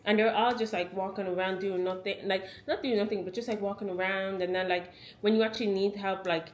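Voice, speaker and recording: A woman's voice: mid-range voice, fairly even intonation, brisk, slight background noise. A woman in her twenties with an Irish accent, telling a chatty travel story to camera, full of "like" fillers. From Ireland. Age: 20s. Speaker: travel vlogger.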